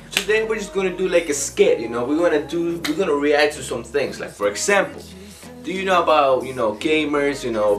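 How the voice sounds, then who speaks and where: A young YouTuber hosts his own video in a voice on the high side with a fairly bright tone. He rambles casually, leaning heavily on filler words.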